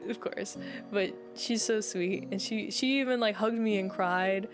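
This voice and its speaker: A woman's voice: mid-range voice, measured pace, music in the background. Rambling heartfelt young woman streamer. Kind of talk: casual chat with viewers.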